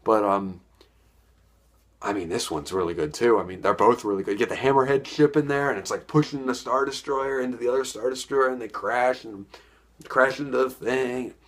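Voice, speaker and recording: A man's voice: medium pitch, normal speed. A young man giving a casual, enthusiastic spoken film review, rambling and repeating words as he goes. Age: young adult.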